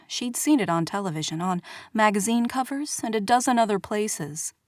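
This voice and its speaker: A woman reading a romance novel aloud as audiobook narrator, measured and expressive, on a studio mic. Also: medium pitch, no echo. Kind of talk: scripted narration.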